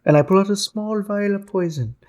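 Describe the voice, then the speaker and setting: A playful man at a tabletop game, piling detail onto every action he describes. His voice sits a little higher than most men's, light and chatty. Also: brisk, darkish tone. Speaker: player. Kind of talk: casual tabletop play.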